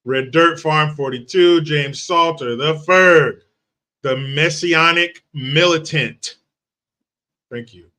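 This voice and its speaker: A man in middle age hosts an online commentary show in loose, casual talk. He is brash and sarcastic and swears freely. His voice sits somewhat high and sounds bright and forceful. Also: slow pace. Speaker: political commentary host.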